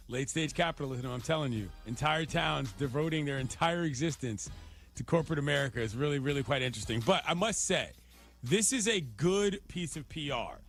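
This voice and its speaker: A man co-hosting a radio show, riffing on news stories with animated, sarcastic jokes. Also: on the high side, moderate pace, soft background music. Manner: animated, wisecracking, sarcastic riffs. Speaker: radio co-host. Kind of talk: jokey sports radio banter.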